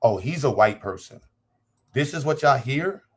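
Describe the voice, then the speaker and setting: A man's voice: medium pitch, expressive, normal speed, husky. A man hosting a livestream and talking casually to his chat, blunt, profane and combative, repeating phrases for emphasis. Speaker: livestream host.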